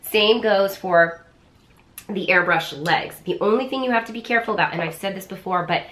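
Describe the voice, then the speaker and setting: A woman's voice: mid-range voice, normal speed, reverberant. A woman with a nasal, stuffy voice from being sick, chatting casually through a how-to beauty vlog with lots of "like" and "um". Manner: chatty, relaxed, lots of fillers like "like" and "um". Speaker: beauty vlogger.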